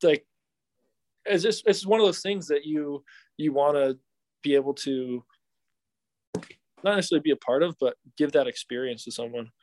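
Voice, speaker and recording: Young male pitcher, casual storyteller, higher voice, acts out quotes. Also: moderate pace, pauses often, darkish tone. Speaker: professional baseball pitcher guest. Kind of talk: casual podcast chat.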